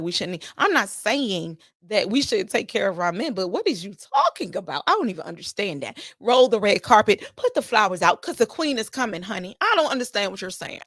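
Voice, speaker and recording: A woman's voice: medium pitch, a bit bright, no echo, studio quality. A woman hosting a casual solo podcast, talking animatedly and sassily to her listeners, firing off emphatic rhetorical questions. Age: adult with children. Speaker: podcast host.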